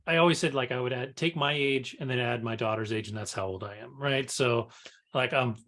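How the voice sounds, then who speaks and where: Male co-host, 40s, mid-pitched; jokey and self-mocking. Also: fairly quick, fairly bright tone. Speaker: podcast co-host. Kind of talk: casual chat.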